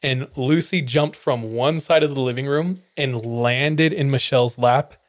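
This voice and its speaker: A man's voice: mid-range voice, unhurried. Laughing, swearing young man telling a story. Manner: laughs often while telling; swears freely. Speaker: podcast host. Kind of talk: casual storytelling.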